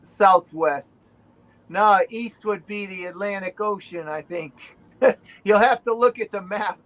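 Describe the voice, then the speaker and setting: A man from Rhode Island with a Boston accent rambles as a guest on a video call, using plenty of fillers in casual chat. His voice is high and fairly bright, he takes his time, and the recording is rough.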